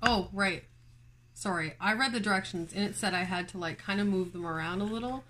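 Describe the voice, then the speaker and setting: A woman's voice: mid-range voice, brisk, sharp tone, a little hiss or hum. A woman hosting a home plant vlog, chatting casually to viewers with lots of fillers and little laughs. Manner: chatty, filler-heavy, giggly, talks to viewers. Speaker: plant channel host. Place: home, indoors.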